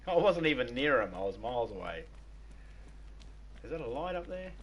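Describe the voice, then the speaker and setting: A man's voice: mid-range voice, very animated, moderate pace, lo-fi sound. A man with an Australian accent hosting a casual gaming livestream, rambling, repeating words and laughing at his own stories. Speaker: livestream host.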